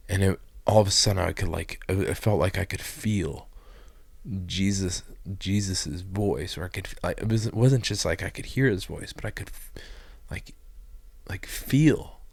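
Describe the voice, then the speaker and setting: A man sharing an emotional personal testimony, telling his story in a halting, rambling way with many fillers and restarts. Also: deep voice, creaky, dry recording. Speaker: guest giving a personal testimony.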